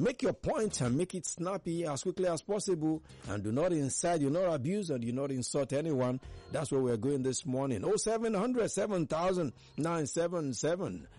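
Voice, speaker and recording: A man with a Nigerian accent hosting a morning call-in radio show, speaking in an earnest, measured way and keeping callers firmly on topic. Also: fairly high pitch, warm tone. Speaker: radio phone-in host.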